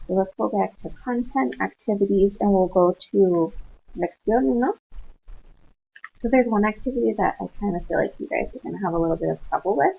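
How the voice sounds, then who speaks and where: A Spanish instructor patiently guides students through online coursework in a screen-share walkthrough, mixing Spanish words into her English. Her voice is on the low side with vocal fry, and the audio is tinny and lo-fi, like a phone.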